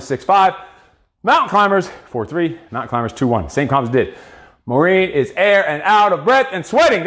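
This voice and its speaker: Boxing coach guy counting combos, swears a lot in his pep talks, high voice that jumps all over. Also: fairly bright tone. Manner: counting reps, profane motivational pep talk. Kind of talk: live-streamed workout coaching.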